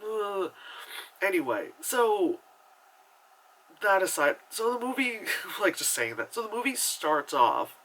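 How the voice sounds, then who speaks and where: Bright-voiced man ranting about a movie. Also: high voice, very animated, unhurried, low-quality recording. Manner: chatty and rambling, heavy on filler words and swearing; exasperated and sarcastic. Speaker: movie reviewer. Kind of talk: casual spoken movie review.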